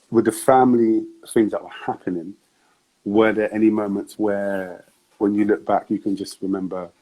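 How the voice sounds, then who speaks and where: A man hosting a casual interview, relaxed and laughing often. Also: on the low side, husky, poor audio. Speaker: host.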